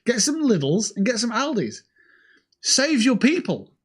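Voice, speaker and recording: A young British man hosting a livestream in casual, sweary chat that jumps between high and low. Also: big pitch swings, unhurried, breathy edge. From United Kingdom. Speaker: livestream host.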